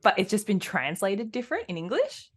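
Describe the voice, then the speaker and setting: A woman's voice: mid-range voice, wildly swooping pitch, a little fast, husky. A woman, co-hosting a podcast, playful and chatty. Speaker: podcast co-host. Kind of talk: podcast chat.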